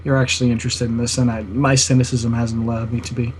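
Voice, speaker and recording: A man's voice: mid-range voice, level tone, fast talker, a little hiss or hum. A young man co-hosting a casual gaming podcast, sarcastic and teasing, laughing often. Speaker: podcast co-host.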